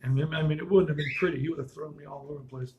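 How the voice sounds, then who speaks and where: A man's voice: on the high side, steady tone, racing, darkish tone, highs cut off, slight background noise. A man casually telling personal stories in a rambling way, restarting and correcting himself and chuckling as he goes.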